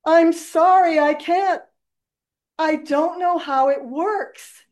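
A woman's voice: very high-pitched, slow, darkish tone, voice pushed up. A woman playing a humble old wizard. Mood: apologetic. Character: humble older male wizard, grand but kindly.

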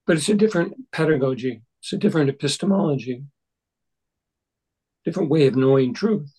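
Husky, halting older man leading a study group. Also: on the high side, lively intonation, darkish tone, poor audio. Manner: halting, thoughtful, many restarts. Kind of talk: discussion of a Buddhist text.

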